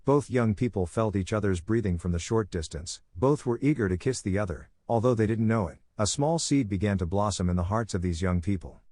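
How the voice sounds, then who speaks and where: A man narrating fan fiction in a plain, steady storytelling voice. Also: fairly low pitch, fairly quick, hardly any pauses. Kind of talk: reading fan fiction aloud.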